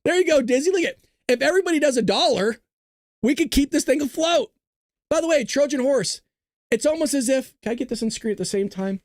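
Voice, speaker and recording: A male livestream host rants and jokes, swearing freely as he reacts to the chat. His pitch swings widely and animatedly. The recording is dry, with the mic close. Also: animated, fairly quick, no room sound. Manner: loud, ranting, profane, jokey. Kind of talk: profane live-stream rant and chat.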